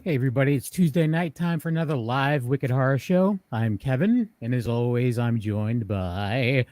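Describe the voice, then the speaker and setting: A man with a Massachusetts accent hosting a live horror podcast, chatting casually with friendly, halting speech. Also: mid-range voice, expressive, darkish tone, no echo. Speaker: podcast host. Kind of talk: casual live show chat.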